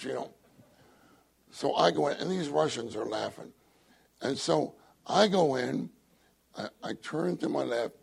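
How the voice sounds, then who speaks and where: An older man with a husky, gravelly voice, telling a humorous story in a sermon and laughing often. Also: fairly high pitch, animated, unhurried, long pauses. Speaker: church speaker.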